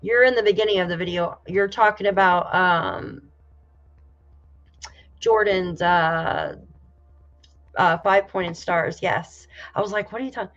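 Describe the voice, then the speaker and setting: A woman's voice: fairly low pitch, takes it slowly, pauses often, a bit bright. Chatty woman streamer, exclamatory. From New York State. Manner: chatty and exclaiming, swears casually. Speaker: livestream host reading viewer comments. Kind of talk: casual live chat. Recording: slightly dull lo-fi audio.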